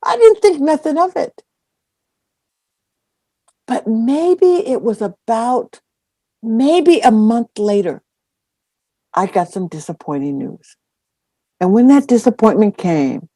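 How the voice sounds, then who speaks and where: A woman dharma teacher telling a personal story in a dharma talk, animated and full of acted-out quotes. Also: medium pitch, slow, long pauses, no room sound. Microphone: online call.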